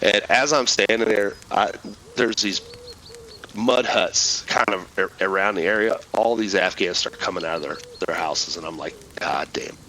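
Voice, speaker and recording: A middle-aged man with a lowish, forceful voice tells a war story in loose, profane talk. He rambles and restarts as he goes, and a faint noise sits under him. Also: moderate pace, poor audio. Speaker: podcast guest, military veteran. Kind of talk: casual storytelling.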